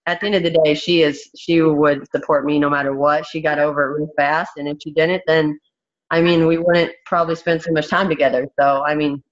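A woman's voice: deep voice, level tone, a little fast. Blunt, frank woman on lo-fi audio. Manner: blunt, frank, swears freely. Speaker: interviewee, fighter. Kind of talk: candid interview.

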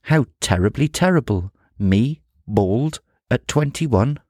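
A man's voice: mid-range voice, animated, takes it slowly, darkish tone, dry recording, studio quality. A man voicing a proud, fretful young male lion in a storybook reading, with a fussy, woeful manner. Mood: dismayed.

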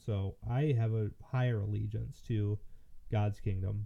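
A man's voice: medium pitch, dark tone. A man from Michigan hosting casual political commentary, rambling and hesitant with many fillers and restarts, sounding tired. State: tired, yawning. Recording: muffled lo-fi audio.

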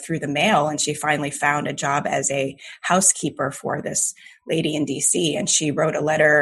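A middle-aged woman from Jamaica, raised in America and speaking like an American, talking as a podcast guest in a lively, self-deprecating way with frequent laughs. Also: low voice, slightly rough. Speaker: podcast guest, comedian and author. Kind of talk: casual interview conversation.

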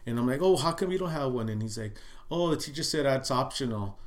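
A middle-aged man, a guest in a casual interview, tells stories in a loose, chatty way, full of "dude" and "you know what I mean". He acts out the lines he quotes, swinging between loud and soft. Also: mid-range voice, animated, quick pace. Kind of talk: casual storytelling chat.

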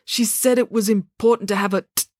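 A woman's voice: mid-range voice, steady tone, fairly quick, no echo, studio quality, voice pushed up, lightly acted. A woman voicing a laid-back older teenage brother who talks in an offhand way.

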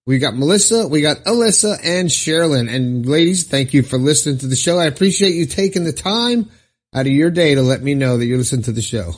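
A man hosting his own podcast, cheerful and encouraging as he gives shout-outs and reads listener letters. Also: a little high, husky. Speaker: podcast host. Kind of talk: upbeat solo podcast talk.

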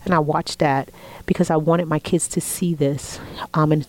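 A woman in her forties telling a personal story in an interview, heartfelt, often dropping to a soft whisper when quoting family. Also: deep voice, fairly even intonation, moderate pace, poor audio. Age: 40s. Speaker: interview guest.

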